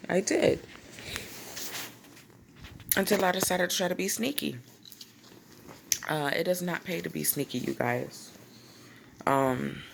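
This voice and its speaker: Low, gravelly woman telling a story. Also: slight background noise. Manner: animated, slangy storytelling with acted-out quotes. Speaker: vlogger. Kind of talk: storytime vlog.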